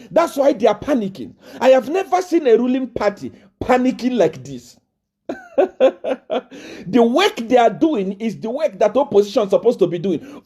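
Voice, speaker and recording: A man delivers political commentary straight into a live video, repeating his points and laughing between them. His pitch sits high for a man and swings widely from phrase to phrase. The tone is dark and mellow rather than bright. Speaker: online commentator.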